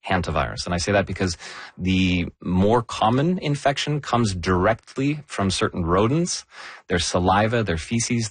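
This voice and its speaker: A man explaining health news in a conversational discussion, measured and emphatic on key words. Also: lowish voice, husky, no room sound.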